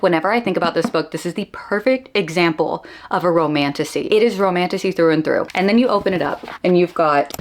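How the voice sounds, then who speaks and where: A bubbly young woman talks in a casual, gushing show-and-tell way, her voice sitting a little low. The recording has the relaxed feel of a chat at home. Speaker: book vlogger.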